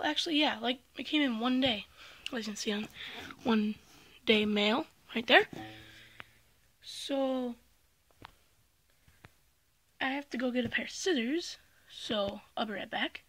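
A woman chatting excitedly through an unboxing vlog, with lots of fillers like "um" and "like.". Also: fairly high pitch, measured pace, pauses often, no room sound. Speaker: vlogger.

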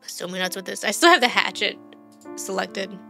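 A woman's voice: medium pitch, fairly quick, vocal fry, sharp tone, faint music behind. A woman streamer giving casual let's-play commentary, chatty, thinking aloud and quizzing the game characters.

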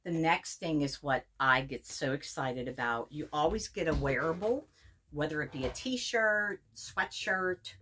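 Slow, low-voiced woman gushing over an unboxing. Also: lively intonation, pushed and bright, husky. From Pennsylvania. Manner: gushing, repeats words, reads labels aloud. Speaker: unboxing reviewer. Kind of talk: casual unboxing video.

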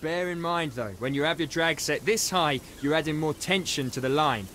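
A man voicing a patient fishing instructor in a game tutorial, calm and instructive. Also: on the high side, normal speed, slight background noise.

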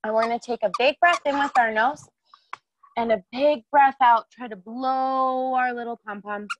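A woman's voice: a little high, fairly even intonation, moderate pace, muffled recording. A woman leading a children's yoga class, cheerful and encouraging, asking the kids questions as she guides their breathing.

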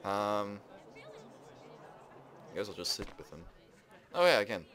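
A man giving casual let's play commentary, excitably exclaiming and narrating what he does in the game. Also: on the low side, measured pace, long pauses, background noise. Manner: excitable, exclaims and narrates his own actions. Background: game music.

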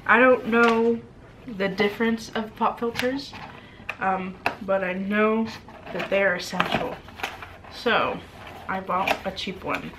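Slow-talking young woman unboxing her mic. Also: mid-range voice, noisy background. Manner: chatty, self-amused, talks to her mic setup. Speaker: vlogger. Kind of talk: casual vlog chat. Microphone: new condenser microphone.

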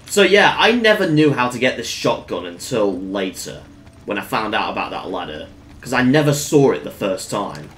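A man giving casual gameplay commentary in a fairly low voice. His pitch swings widely as he bursts into excited exclamations between relaxed remarks. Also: moderate pace. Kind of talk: casual let's-play commentary.

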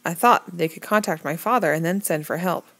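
A woman's voice: fairly low pitch, a little fast, fairly bright tone, no echo. Woman reading a novel aloud. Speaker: reader.

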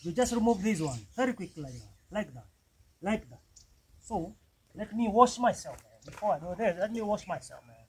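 A man's voice: sits high, lively intonation, normal speed, poor audio. A Kenyan man talking casually as he cooks on a wood fire outdoors in a village, often calling his viewers "man". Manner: chatty, repeats "man" often. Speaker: vlogger. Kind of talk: casual cooking vlog.

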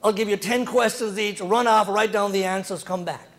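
A man's voice: sits high, fairly even intonation, normal speed, lightly acted. A man voicing a businesslike male foreman who explains a test plainly in a stand-up joke. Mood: matter-of-fact.

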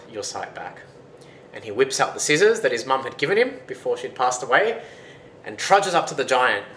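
A man retells a folktale in a loose, chatty manner at a middle pitch. The recording is roomy with a faint background hiss. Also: fairly bright tone. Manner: casual, conversational narration with fillers. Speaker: storyteller.

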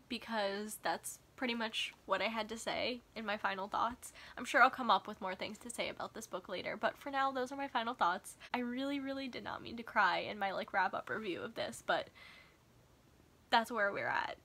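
Bright, gushing woman book vlogger. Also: medium pitch, moderate pace. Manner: gushing, excitable, chatty. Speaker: book reviewer. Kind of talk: casual vlog review.

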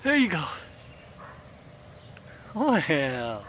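A man's voice: sits high, very animated, unhurried, long pauses. A man filming his dogs and coaxing them in sing-song baby talk.

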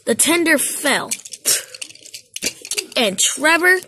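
A woman with a high, bright voice and a gravelly edge tells a toy-train story. Her narration stumbles and halts, with frequent slips and restarts, at an unhurried pace. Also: expressive, a little hiss or hum.

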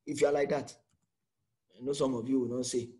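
A man's voice: mid-range voice, flat delivery, brisk, dark tone. A man with a Nigerian accent preaching an emphatic sermon as pastor, full of rhetorical questions.

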